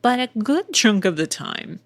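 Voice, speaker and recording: A woman's voice: mid-range voice, big pitch swings, unhurried, no room sound. A middle-aged woman hosting a casual solo podcast, chatty and candid, swearing freely with wry asides. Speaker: podcast host and voice actor.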